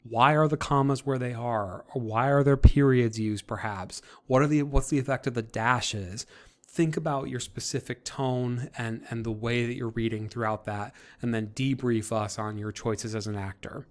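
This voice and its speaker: Recorded for an online class, a man with an ordinary middle-pitched voice explains a group project to his students. His instruction is relaxed and conversational, with frequent restarted sentences and small hesitations filling the pauses.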